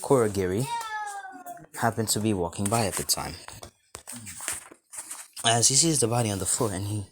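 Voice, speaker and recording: Deep-voiced rambling male storyteller. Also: normal speed, pauses often, a little hiss or hum. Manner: rambling, restarts with repeated "as". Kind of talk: casual retelling of a fan story.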